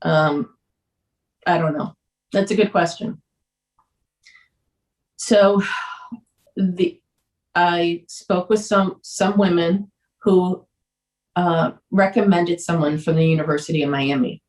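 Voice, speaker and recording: A woman podcast guest candidly telling a personal story, earnest and emotional, sometimes halting. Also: fairly low pitch, steady tone, darkish tone, recorded from a distance. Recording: roomy echo.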